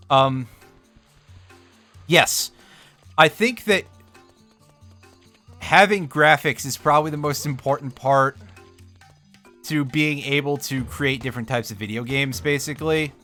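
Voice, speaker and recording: A man's voice: mid-range voice, expressive, unhurried, pauses often, pushed and bright. A sleepy man streaming a video game, talking casually into a desk mic. He rambles in a wry, offhand way and corrects himself mid-thought. Faint music plays under his voice. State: sleepy, yawning. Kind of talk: casual let's-play commentary.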